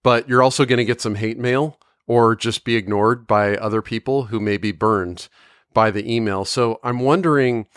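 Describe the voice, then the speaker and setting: A man hosting an interview, asking thoughtful, measured questions. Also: medium pitch, fairly even intonation, fairly bright tone, no room sound, clean studio sound. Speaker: interview host.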